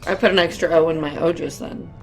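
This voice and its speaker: A woman's voice: sits low, fairly even intonation, fast, gravelly, faint music behind. A young woman reading fan fiction aloud in a wry, dry way for comedy. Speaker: reader.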